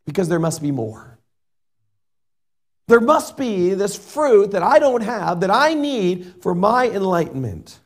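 A middle-aged man preaching a sermon and reading scripture in an earnest way. He shifts between loud emphasis and soft asides. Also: sits high, very animated, measured pace, pauses often. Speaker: pastor.

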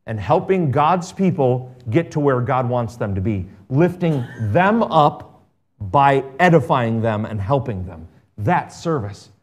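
A man preaching a sermon as pastor, reading scripture aloud and swinging between emphatic and quiet delivery. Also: medium pitch.

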